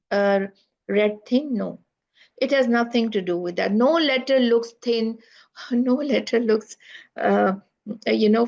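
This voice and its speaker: A woman's voice: fairly high pitch, vocal fry, darkish tone. A woman teaching an online class, explaining patiently and asking her students rhetorical questions. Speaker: tajweed teacher. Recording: dull lo-fi online class audio.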